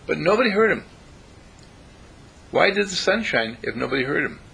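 A man's voice: a little high, normal speed, creaky, husky. A man preaching a sermon, telling stories and acting out the characters in them. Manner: animated, acts out characters in the stories. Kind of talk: sermon with storytelling.

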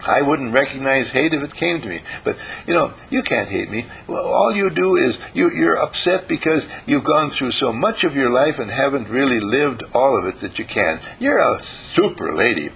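A man voicing a gushing, endlessly affectionate woman visitor who talks in effusive, sing-song flattery. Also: mid-range voice, moderate pace, vocal fry, few pauses, husky, full character voice, poor audio.

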